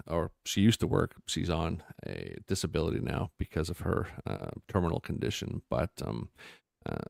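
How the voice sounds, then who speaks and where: A man narrating as game master of a tabletop horror game, unhurried and hesitant. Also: sits low, creaky, no room sound, studio quality.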